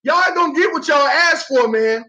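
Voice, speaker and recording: A man with a strikingly high voice calls plays and reacts to a live football game, excitable and theatrical, slipping into slang and loud groans. The stream audio sounds dull and lo-fi, with muffled highs. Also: moderate pace.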